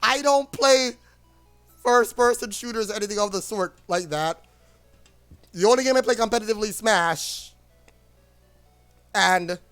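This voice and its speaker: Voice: medium pitch, a bit bright. A streamer in a casual livestream rant, rambling and blunt, with frequent swearing.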